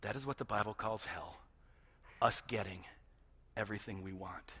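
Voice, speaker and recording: A man preaching a sermon as pastor, moving between loud emphatic passages and hushed near-whispers. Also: fairly low pitch, steady tone, normal speed, pauses often, breathy edge.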